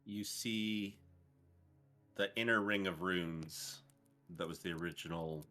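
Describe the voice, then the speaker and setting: A man narrating a tabletop game as game master, in a playful, animated way. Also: low voice, slow, faint music behind.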